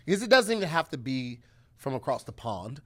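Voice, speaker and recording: A man with a St. Louis accent co-hosting a podcast in casual chat, animated and slipping into playful regional voices. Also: medium pitch, fairly quick. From St. Louis, USA. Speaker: podcast co-host.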